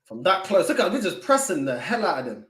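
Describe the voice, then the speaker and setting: A man co-hosting a live football watchalong, chatting in excitable, slangy banter. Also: high-pitched, quick pace, roomy sound. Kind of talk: casual live match chat.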